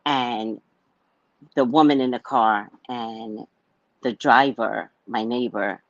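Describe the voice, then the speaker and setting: A woman's voice: rumbling low, fairly even intonation, slow pace, no room sound, highs cut off. A woman telling a personal story in a casual monologue, blunt and swearing freely as she acts out a heated argument. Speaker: psychic reader sharing a personal story.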